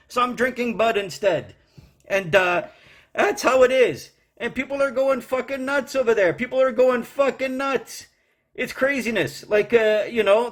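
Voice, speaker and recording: A man's voice: high-pitched, a bit bright. A man playing a foul-mouthed, angry middle-aged courier clerk who rants and swears while working the phones from home. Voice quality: brash, swearing, ranting. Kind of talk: comedy character monologue.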